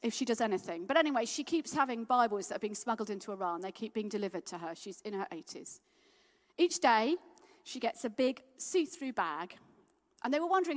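A woman preaching as a guest speaker in a church hall, her high voice swooping animatedly as she tells stories and rouses her listeners. She sounds rousing and heartfelt. A long reverb trails each phrase. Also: a little fast. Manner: lively storytelling, rousing and heartfelt. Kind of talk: sermon.

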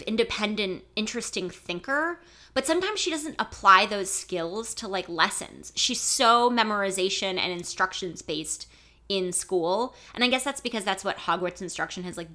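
Casting: woman podcast co-host with a bright voice, animated and joking. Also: mid-range voice, moderate pace. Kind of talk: casual chat.

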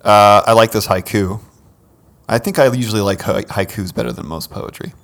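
A man's voice: lowish voice, moderate pace, fairly bright tone. A man co-hosting a casual podcast, joking crudely and teasing his co-host between poem readings. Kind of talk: casual banter, reading poems aloud.

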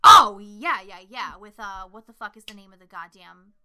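A young woman co-hosting a casual horror movie podcast, swearing freely and telling scenes with lively, shouted impressions. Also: mid-range voice, moderate pace. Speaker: podcast co-host.

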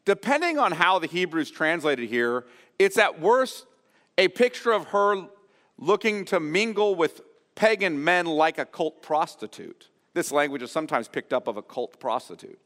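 A man preaching an expository sermon as pastor, earnest and explanatory, often pausing to restate a phrase. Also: a little high, lively intonation, a bit bright, long reverb tail. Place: church sanctuary.

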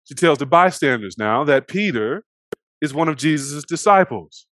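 Male preacher, slightly high voice, animated and dynamic delivery, dry close mic. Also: normal speed, no echo. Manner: animated, acts out voices of the characters; swings between loud and hushed. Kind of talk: sermon.

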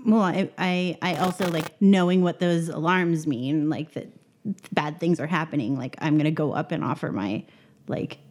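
Female player, mellow tone, easygoing and unsure. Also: low voice, moderate pace, a little hiss or hum. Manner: hesitant, casual. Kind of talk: casual tabletop play.

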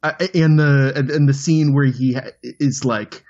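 A man co-hosting a film podcast, talking casually with many halting restarts. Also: fairly high pitch. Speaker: podcast host. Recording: dull lo-fi sound.

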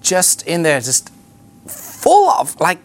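A man teaching a ministry school class, telling lively outreach stories and acting out the voices of the people in them, with frequent restarts. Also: a little high, slow. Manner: animated storyteller, acts out quoted voices, frequent restarts.

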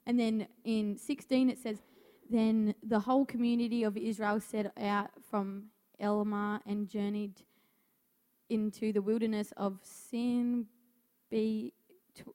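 A woman's voice: mid-range voice, a little mellow. Young woman, nervous first-time preacher stumbling through scripture; reverberant hall. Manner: nervous, stumbling reading with restarts. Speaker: youth speaker. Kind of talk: church message. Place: church hall.

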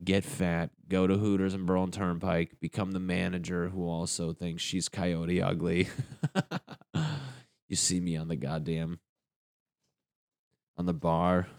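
A man's voice: sits low, little pitch movement, unhurried, long pauses, darkish tone, no room sound, clean studio sound. A young man doing a crude, rambling stand-up comedy rant. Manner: crude, rambling, jumps into silly voices.

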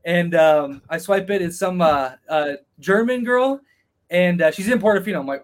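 A man telling a casual travel story as a podcast guest, animated, swearing freely and acting out the other people in it. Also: high-pitched, normal speed. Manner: animated, acts out quoted voices, swears freely.

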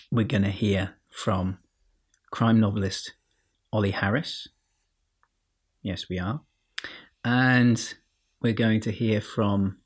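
Slow husky-voiced male podcast host. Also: lowish voice. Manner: dry, self-mocking, drops to near-whispers. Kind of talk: podcast sign-off and reading.

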